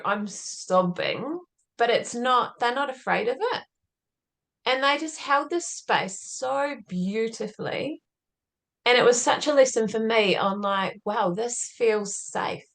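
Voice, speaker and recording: A woman's voice: a little high, vocal fry, a bit bright. A woman as a podcast guest, telling a personal story in an earnest, reflective way and often saying "like". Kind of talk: conversational interview storytelling.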